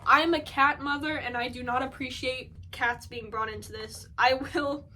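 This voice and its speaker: A young woman vlogger who reads scary stories aloud in an animated voice, acting out the lines and breaking off to laugh and add chatty asides. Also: sits high, moderate pace, slight background noise. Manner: animated, acts out lines in the story.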